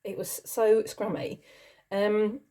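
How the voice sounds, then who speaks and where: Chatty middle-aged woman, mellow voice. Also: mid-range voice, steady tone, slow pace. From not from the country she lives in. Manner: chatty, rambling, giggly, self-deprecating. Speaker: channel host. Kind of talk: casual chat answering a question tag.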